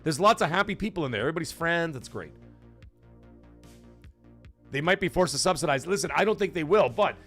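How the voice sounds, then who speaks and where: A man's voice: on the high side, expressive, brisk, pauses often, a bit bright, faint music behind. A man hosting a casual live stream who jokes, swears loosely and reads viewer messages aloud. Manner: chatty, joking, loose and profane. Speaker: livestream host.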